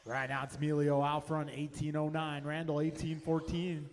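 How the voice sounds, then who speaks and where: Race announcer, male, fairly high voice, brisk calls of lap times, echoing venue with faint hum. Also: flat delivery. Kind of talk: race commentary.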